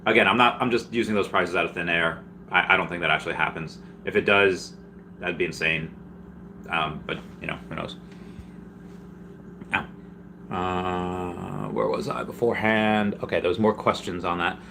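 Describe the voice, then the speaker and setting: Deep-voiced rambling male streamer. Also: moderate pace, vocal fry, noisy background. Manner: rambling, with many restarts and sudden excited jumps in pitch. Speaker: livestream host answering viewer questions. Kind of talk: casual livestream Q&A.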